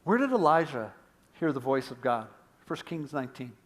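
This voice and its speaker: A man preaching a sermon as pastor, earnest, swinging between emphatic points and hushed, quiet lines. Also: mid-range voice, sing-song, normal speed.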